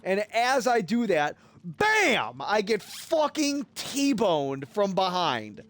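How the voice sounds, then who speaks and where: A man streaming a game and telling a rambling, profane story in a casual, animated way. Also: high voice, slow, no room sound. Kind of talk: casual storytelling while gaming.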